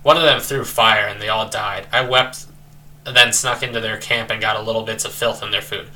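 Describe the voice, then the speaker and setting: A man's voice: on the low side, fairly even intonation, normal speed, pushed and bright. A man doing a nervous, grieving cockroach. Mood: nervous sad.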